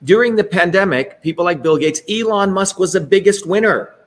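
A man with a somewhat raised pitch leads a presentation. He talks emphatically and digresses often, drops asides mid-sentence and keeps checking in with the listeners. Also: fairly quick. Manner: emphatic, digressive, keeps asking "right?" and inserting "by the way". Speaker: presenter leading an online talk. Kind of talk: rambling presentation to an audience.

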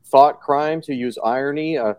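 A man's voice: medium pitch, moderate pace, a little mellow, clean tone, dry recording. A man co-hosting a political chat show who talks sarcastically and rambles with many fillers. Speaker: show host.

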